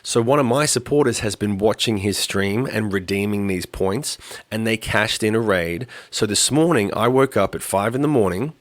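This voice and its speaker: A man's voice: fairly low pitch, normal speed, dry recording. A man hosting a podcast, chatting casually and telling rambling, profane stories. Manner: rambling, profane, animated storytelling. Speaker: podcast host. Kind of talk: casual chat.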